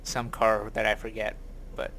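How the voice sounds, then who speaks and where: A man's voice: on the low side, monotone, moderate pace, sharp tone. Man with dry quips, faint background hiss. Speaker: podcast co-host. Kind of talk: casual chat.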